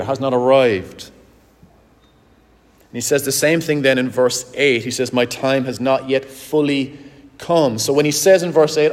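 A man preaches with earnest conviction, leaning on key words and slowing his delivery to drive them home. His voice sits at an ordinary middle pitch. A long reverb trails each phrase, as if in a large church sanctuary. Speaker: pastor. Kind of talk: sermon.

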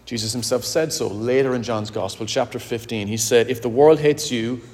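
A pastor preaching a sermon to his congregation, earnest and direct, slowing down to stress key words. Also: mid-range voice, fairly even intonation, darkish tone. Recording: long hall reverb.

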